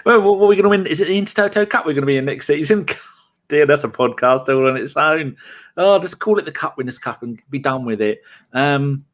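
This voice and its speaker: A man's voice: fairly high pitch, animated, fairly quick. A man hosting a podcast in casual chat, laughing often and reading viewer messages aloud. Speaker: podcast host.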